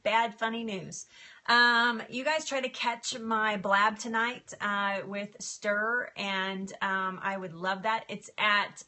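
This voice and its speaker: A middle-aged woman chatting casually on a live stream, emotional and quick to laugh, answering viewer comments. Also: medium pitch, bright, forceful tone. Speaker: livestream host.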